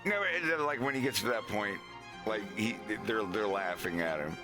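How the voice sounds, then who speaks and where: A man's voice: fairly low pitch, animated, normal speed, music in the background. A man streaming, casually retelling a story scene with fillers and giggles. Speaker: streamer narrating his animation script.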